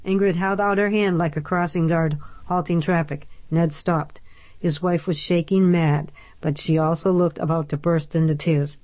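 A woman narrating a novel in a steady, measured storytelling voice. Her voice sits on the lower side, and the recording is close and completely dry, with no room at all. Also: no room sound. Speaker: audiobook narrator. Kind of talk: scripted narration.

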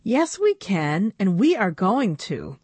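A woman's voice: medium pitch, very animated, takes it slowly, darkish tone, breathy edge, dry recording, heavily acted. A woman reading a storybook aloud, voicing a sensible, determined young girl doll who takes charge.

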